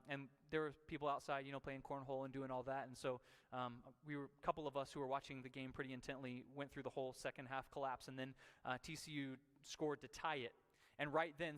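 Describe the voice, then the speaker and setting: A male pastor preaching in a conversational, storytelling manner and acting out the voices of the people he quotes. His voice sits a little high, and the long reverb of a church sanctuary trails behind each phrase. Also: a bit bright. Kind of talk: sermon.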